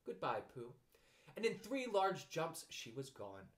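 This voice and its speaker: Expressive man reading a storybook. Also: a little high, measured pace. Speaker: narrator.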